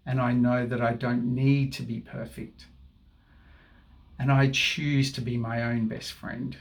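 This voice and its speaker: A man's voice: medium pitch, gravelly. A man guiding viewers through a tapping session, speaking affirmations for them to repeat. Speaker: tapping guide.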